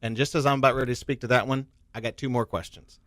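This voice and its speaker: A man co-hosting a radio coaching show, speaking with dry, deadpan humor. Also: mid-range voice, quick pace, no echo. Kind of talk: radio talk, bantering.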